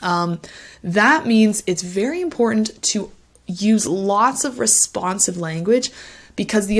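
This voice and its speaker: Woman teacher modelling tone on video call. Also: lowish voice. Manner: demonstrates phrases with varied intonation. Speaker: English test teacher. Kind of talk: online lesson explanation.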